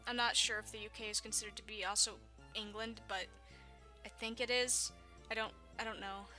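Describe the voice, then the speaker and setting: A woman's voice: mid-range voice, fairly even intonation, fairly quick, bright, forceful tone, faint music behind. A woman in her twenties from Texas with a Southern accent, chatting casually to her viewers, rambling and laughing often. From Texas, USA. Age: 20s. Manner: giggly, rambling, self-deprecating. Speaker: YouTuber. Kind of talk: casual vlog talk.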